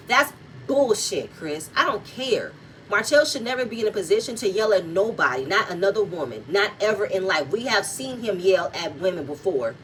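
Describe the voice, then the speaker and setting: A woman's voice: mid-range voice, expressive, moderate pace. A woman, recapping a reality show in blunt, profane, heated commentary. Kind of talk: casual reaction commentary. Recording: distant mic with faint noise.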